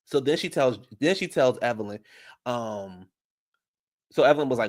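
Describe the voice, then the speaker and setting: A man casually recapping reality TV drama in an animated, profane storytelling manner, jumping up high when he quotes the women. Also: a little fast. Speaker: reality TV commentator.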